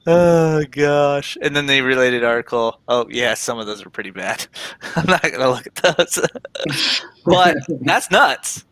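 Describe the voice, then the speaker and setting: Male live-stream host, casual reactor, bright crisp voice, dry mic. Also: mid-range voice, animated, unhurried, no room sound, low-quality recording. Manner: laid-back, reacts aloud while reading an article.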